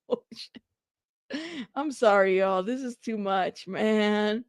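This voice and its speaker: A woman's voice: fairly high pitch, slow, long pauses, clean tone, dry recording, studio quality. A young woman hosting live news commentary, reading court updates aloud and reacting with laughs and asides. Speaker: host reading trial updates.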